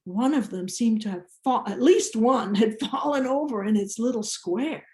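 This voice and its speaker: An older woman from Iceland with an Icelandic accent, telling a personal story in a slow, deliberate way with small restarts. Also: on the high side, darkish tone, echoey room. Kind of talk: personal story told to an audience.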